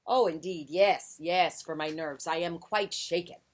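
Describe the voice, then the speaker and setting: A woman voicing a small, eager, very polite male mouse in a storybook read-aloud, chirping his lines high and bright. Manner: chirpy, overly courteous, high and quick.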